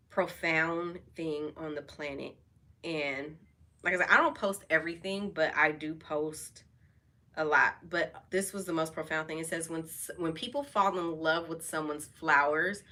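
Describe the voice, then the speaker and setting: A woman with a bright, forceful voice, pitched a little low, talks openly to camera in a loose, chatty way. Her speech is full of fillers and restarts as she hosts her own relaxed vlog. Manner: candid and chatty, many fillers. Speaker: vlog host. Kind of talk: casual personal talk over wine.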